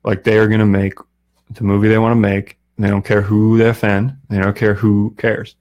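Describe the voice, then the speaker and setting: Male guest, low voice, relaxed and opinionated. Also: normal speed. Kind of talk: casual chat.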